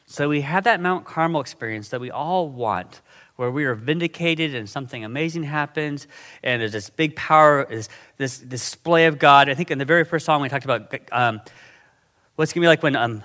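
A middle-aged man delivers a sermon with a somewhat high, bright and forceful voice. He keeps it conversational and animated, stopping to check in with the congregation. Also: fairly quick. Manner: conversational, animated, frequent "okay?" and "right?" check-ins. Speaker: pastor.

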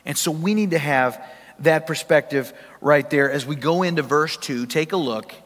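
A pastor preaching a sermon in a conversational, emphatic way, asking the congregation questions. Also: male voice, fairly high pitch, normal speed, fairly bright tone. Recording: long hall reverb.

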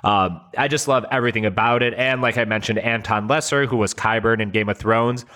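A man co-hosting a casual podcast, enthusiastic and full of ums and likes, slowing down to stress his points. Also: medium pitch, pushed and bright. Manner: enthusiastic, filler-heavy, slows to stress points. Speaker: podcast co-host. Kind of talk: casual chat.

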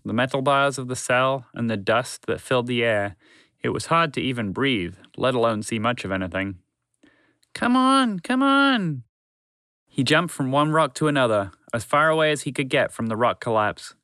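A man narrating a children's story in a calm, measured, friendly way. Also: mid-range voice, no room sound.

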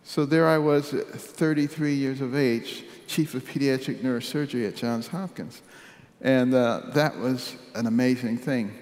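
Older man from Detroit, measured wry storyteller, mid-pitched, echoing hall reverb. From Detroit, United States. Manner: measured, wry, drops softly at serious moments. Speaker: speaker telling his life story. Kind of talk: personal storytelling speech. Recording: echoey hall with long reverb.

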